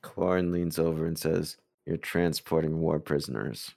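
A man's voice: extremely low pitch, fairly even intonation, normal speed, creaky, darkish tone. A man playing a tabletop game, describing his character's actions in a laid-back way. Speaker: player. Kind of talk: casual tabletop gaming chat.

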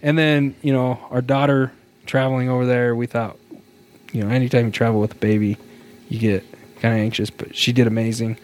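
A man's voice: medium pitch, little pitch movement, fairly quick, darkish tone. A man co-hosting a podcast in casual chat, upbeat and chatty, often laughing as he talks. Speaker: podcast co-host.

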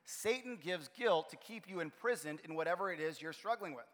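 A man preaching a sermon as pastor of his church, telling stories in an animated way. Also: on the high side, fairly quick. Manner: animated storytelling, acts out his own frustration. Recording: long hall reverb.

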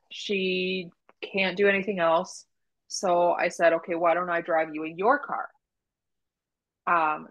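A woman's voice: on the low side, muffled recording. A woman, a doula, telling a story in casual podcast chat, acting out quoted dialogue. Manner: animated retelling with quoted dialogue and laughs.

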